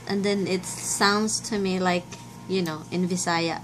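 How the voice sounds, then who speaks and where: A woman's voice: lowish voice, level tone, moderate pace. A Filipino woman chatting casually in a home vlog, giggly and repeating herself as she talks. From Philippines. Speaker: vlogger. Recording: noisy household background.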